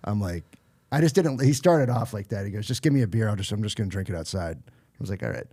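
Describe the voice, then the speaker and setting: Low-voiced male podcast co-host, relaxed and hesitant, dry close sound. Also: fast, dry recording. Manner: low-key, laid-back, hesitant with many uhs. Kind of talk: casual storytelling chat.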